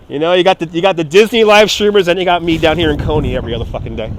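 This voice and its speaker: A man's voice: fairly high pitch, big pitch swings, racing, few pauses, a little hiss or hum. A man, livestreaming outdoors at an amusement park from a phone, chatting casually, cursing and laughing while reading viewer messages. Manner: rambling, profane, laughing, reads out viewer chat. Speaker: live streamer. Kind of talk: casual walking livestream chat. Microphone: phone on a handheld gimbal.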